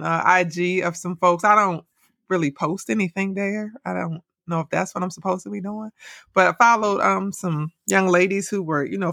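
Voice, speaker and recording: A woman's voice: mid-range voice, creaky, no echo, clean studio sound. A woman from Cleveland co-hosting a podcast, chatting casually and candidly with easy laughs. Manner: relaxed, candid, laughs easily. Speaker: podcast co-host. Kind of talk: casual chat.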